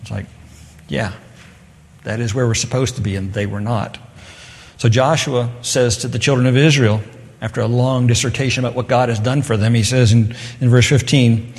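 A man's voice: medium pitch, fairly even intonation, normal speed. Man preaching in an echoey hall. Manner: conversational, switching to loud emphatic scripture reading. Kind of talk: sermon. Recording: long echo of a large hall.

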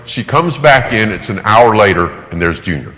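A man's voice: fairly low pitch, lively intonation, moderate pace, sharp tone, long reverb tail, low-quality recording. A man preaching a sermon, emphatic and repeating words for effect.

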